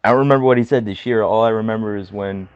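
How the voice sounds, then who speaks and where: A man's voice: lowish voice, clear, resonant tone, dry recording, lo-fi sound. Teasing young man, dry close sound. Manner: teasing, joking, quick banter. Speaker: podcast co-host. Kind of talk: casual chat.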